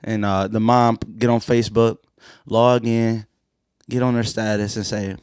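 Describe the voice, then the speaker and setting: A man's voice: on the low side, a little slow, clear, resonant tone, no echo, clean studio sound. A young man co-hosting a casual comedy podcast, telling stories with quoted voices and laughing often. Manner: animated storytelling with quoted voices and lots of laughing. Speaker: podcast co-host.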